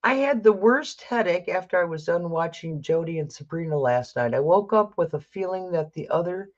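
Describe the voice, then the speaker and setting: A woman's voice: on the low side, lively intonation, moderate pace, hardly any pauses, highs cut off. A woman doing a live tarot reading, chatting casually and thinking aloud as she corrects herself. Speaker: tarot reader.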